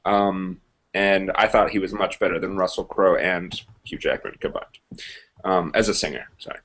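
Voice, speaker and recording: Low-voiced young man giving opinions. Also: fairly even intonation, moderate pace, a bit bright. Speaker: co-host. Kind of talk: casual review chat.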